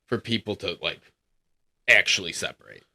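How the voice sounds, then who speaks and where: Bright-voiced man telling profane stories. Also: deep voice, normal speed. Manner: profane, animated storytelling with laughs; acts out quoted people in shifting voices. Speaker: podcast host. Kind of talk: casual bar-room chat.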